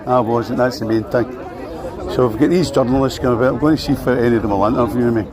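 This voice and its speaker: A man's voice: medium pitch, fairly even intonation, fast. A man with a Scottish accent doing a confrontational street interview, needling and repeating himself. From Scotland. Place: outdoor street protest. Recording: outdoor street with crowd noise. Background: crowd noise.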